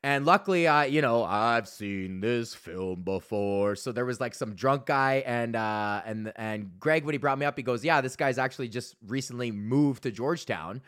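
Comedian host, male, thirties, from Alberta; rambling profane storyteller with a bright tone. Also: mid-range voice, normal speed, few pauses, smooth. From Alberta, Canada. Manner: rambling, profane, laughs at his own stories. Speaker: podcast host and stand-up comedian. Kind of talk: casual storytelling monologue.

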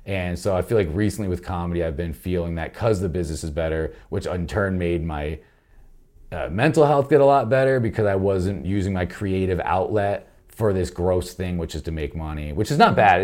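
A man's voice: low voice, darkish tone. A young adult man, a comedian guest in casual podcast chat, talking candidly and rambling, swearing freely and acting out quotes.

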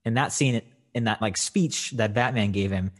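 A man with a low, husky voice talking casually about a movie. He rambles and leans on filler words, a touch rough around the edges. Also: normal speed. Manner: rambling, filler-heavy, frequent "like". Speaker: film discussion co-host. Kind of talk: casual chat.

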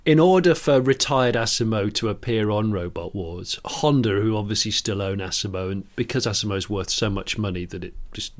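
A man's voice: on the low side, normal speed, hardly any pauses. A man co-hosting a podcast, riffing playfully in casual comedic chat and laughing often. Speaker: podcast co-host.

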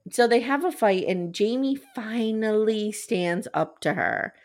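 A woman hosting a casual TV recap podcast, animated and swearing, acting out the scenes she retells. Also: on the high side, a little slow. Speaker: podcast host.

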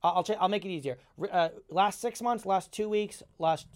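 A man chatting as a guest, telling his own stories at a quick, animated, self-promoting pace. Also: high voice. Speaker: foodie magician guest. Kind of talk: casual chat.

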